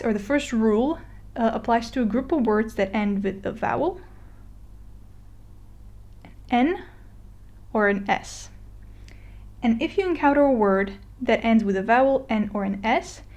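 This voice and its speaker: A woman's voice: fairly high pitch, darkish tone. Chatty woman teaching a language lesson. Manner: chatty, many fillers and restarts, slows to model words. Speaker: Spanish teacher. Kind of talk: casual explainer lesson. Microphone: voice-over on a screen recording.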